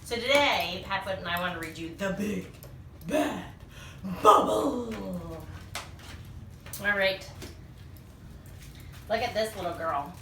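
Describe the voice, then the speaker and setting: A woman reading a picture book aloud to young children, animated and full of sing-song questions, in a small echoey room. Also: mid-range voice, moderate pace, pauses often, far from the mic, slight background noise. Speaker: children's storyteller.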